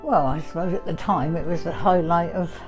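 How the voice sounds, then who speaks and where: An older woman fondly reminiscing in an interview, hesitant with many pauses. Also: on the low side, music in the background. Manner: hesitant, fond, many ums.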